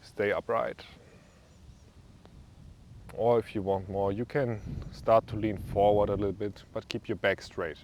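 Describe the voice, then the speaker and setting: A young man with a German accent leading a guided stretching class in a calm, easygoing way with small joking asides. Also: lowish voice, measured pace, long pauses, slight background noise. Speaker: yoga instructor.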